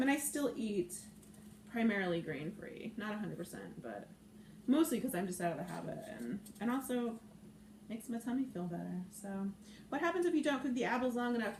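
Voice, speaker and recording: A woman's voice: mid-range voice, darkish tone. A woman hosting a live cooking stream, chatting playfully and reading out viewer comments as she cooks. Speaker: cooking show host. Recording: echoey room with faint noise.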